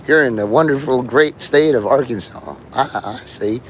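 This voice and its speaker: A man's voice: medium pitch, moderate pace, few pauses, a little hiss or hum. A man livestreaming outdoors on his phone, rambling to his chat and acting out the voices of people he quotes.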